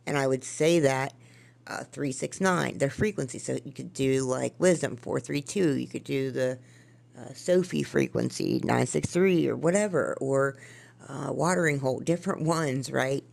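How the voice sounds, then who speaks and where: A woman podcast host reading from her own journal and musing on it in a casual, rambling way, with a gravelly fry in her voice. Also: very deep voice, measured pace, darkish tone. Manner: rambling, musing, trails off and restarts.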